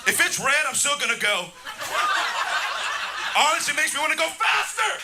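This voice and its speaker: Brash young comic, high lively voice. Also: male voice, normal speed, pauses often. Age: 20s. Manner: brash, crude, crowd-baiting. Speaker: stand-up comedian. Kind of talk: crude stand-up set. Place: comedy club stage. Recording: live club with audible room noise.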